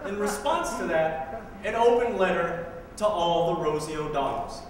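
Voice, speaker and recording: A man's voice: sits high, lively intonation, normal speed. Guy doing spoken word poetry live, wry and pointed, echoey hall from far away, faint hiss. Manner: wry, pointed, with sarcastic asides. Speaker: poet. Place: live performance room.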